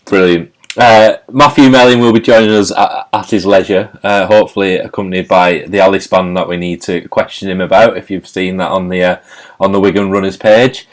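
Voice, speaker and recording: A man hosts a casual live chat show over a video call. His voice sits on the low side and he keeps things jokey, laughing often. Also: steady tone, brisk. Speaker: host.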